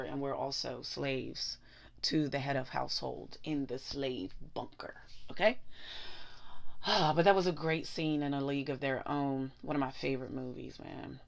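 A woman's voice: a bass voice, creaky. A woman with a Pittsburgh accent, rambling and thinking aloud in a casual vlog, chuckling often. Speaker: vlogger. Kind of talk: casual talk to camera.

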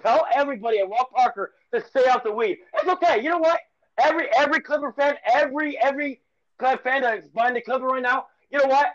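High-pitched male sports podcast co-host, excitable rambler, dull lo-fi recording. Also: fast talker. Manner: excitable rambling rant with repeated phrases. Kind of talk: casual sports chat.

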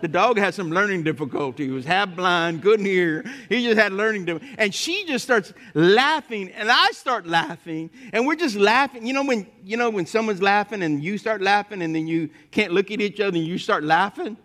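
Animated male preacher telling stories. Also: moderate pace, hardly any pauses. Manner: lively storytelling with humor, speaking to the congregation; swings from loud emphatic points to quiet, low asides. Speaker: pastor. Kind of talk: sermon.

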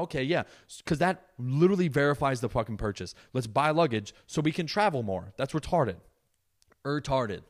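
A young man hosting his own podcast, ranting alone in a profane, sarcastic and animated way. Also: mid-range voice. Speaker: podcast host. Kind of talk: solo podcast rant.

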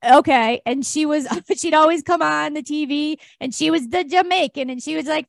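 A woman's voice: high voice, normal speed, gravelly, hardly any pauses, no echo. A woman co-hosting a podcast, asking rambling, hesitant questions with laughs. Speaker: podcast co-host. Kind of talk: casual interview chat.

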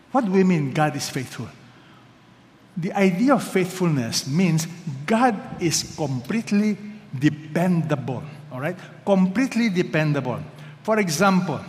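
A pastor with a fairly high male voice delivers an emphatic sermon in a large hall with long reverb. He swings between loud calls and hushed lines and prompts the congregation to respond.

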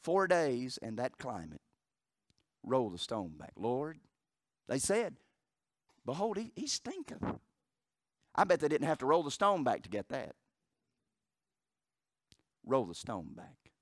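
A middle-aged man preaching a fervent sermon in church, dropping to a hush and rising to a roar. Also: no room sound, clean studio sound. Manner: fervent preaching that swings from hushed to booming. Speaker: pastor. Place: church sanctuary.

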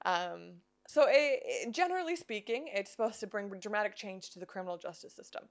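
A woman's voice: medium pitch, expressive, fairly quick. Chatty female podcast co-host. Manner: chatty, explains simply, frequent "you know" and "right?". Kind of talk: casual faith-based chat.

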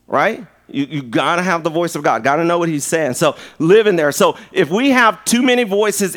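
Male pastor, animated sermon delivery, joking, slightly high-pitched voice. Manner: playful, animated preaching with jokes and acted-out voices. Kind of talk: lively sermon.

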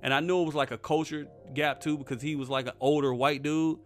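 A man's voice: on the high side, fairly even intonation, fast talker. Young guy, blunt and swearing, casual rant over faint music. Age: young adult. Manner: blunt, profane, defiant. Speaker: vlogger.

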